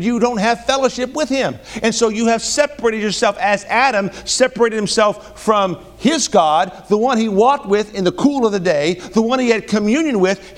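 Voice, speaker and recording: A middle-aged man preaching a sermon, swinging from loud emphatic peaks to hushed asides and often repeating words as he restarts phrases. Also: high-pitched. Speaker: pastor.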